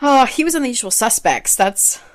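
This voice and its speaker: A woman's voice: on the high side, expressive, brisk. A young adult woman co-hosting a podcast in casual chat, chatty, laughing often and trailing off mid-sentence. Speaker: podcast co-host.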